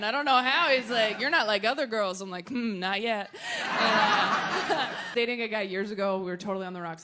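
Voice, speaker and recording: Performing before a live crowd on a club stage, a young Los Angeles, United States stand-up comedian in a high-pitched voice shoots out self-deprecating jokes and drags out quoted lines. Laughter and audience noise fill the background.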